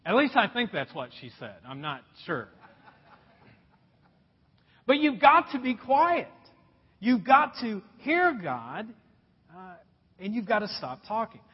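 A man preaching a sermon at a church service, animated, calling his listeners folks and asking them questions. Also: high voice, slow, long pauses, breathy edge. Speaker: pastor. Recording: echoey hall, dull lo-fi sound.

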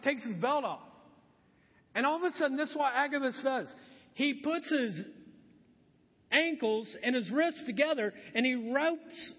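High-voiced husky pastor in a big hall. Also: male voice. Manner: lively storytelling, acts out quotes. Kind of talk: sermon. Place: church hall. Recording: dull, long hall reverb.

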